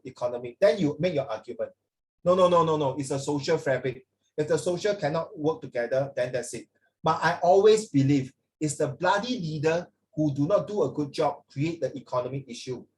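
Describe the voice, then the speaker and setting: A man's voice: fairly high pitch, lively intonation, fairly quick, a little mellow, poor audio. A middle-aged man with a Singaporean English accent, giving a blunt, opinionated classroom lecture and slipping into Mandarin. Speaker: teacher.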